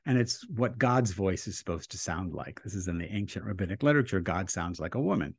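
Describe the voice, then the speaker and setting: Deep-voiced rabbi telling a story. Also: male voice, brisk, breathy edge, dry recording. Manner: animated storyteller who acts out quotes. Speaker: rabbi, interview guest. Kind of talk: storytelling in a conversational interview.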